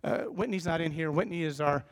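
A man's voice: fairly high pitch, brisk. A middle-aged man preaching a sermon as pastor, conversational and self-deprecating, acting out the voices of the people he describes. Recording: reverberant church hall.

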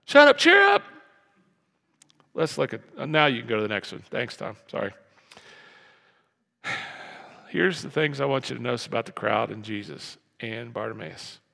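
Gravelly pastor preaching in a reverberant hall. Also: male voice, mid-range voice, moderate pace, pauses often. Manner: animated, acts out crowd and beggar voices, repeats phrases. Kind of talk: sermon.

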